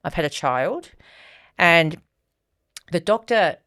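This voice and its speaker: A woman with a fairly low voice telling a candid personal story on a podcast. She talks in an easy, casual way and livens up whenever she quotes someone. The recording is dry and close, with no room sound. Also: slow pace, no room sound. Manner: candid storytelling, animated when quoting others. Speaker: podcast co-host.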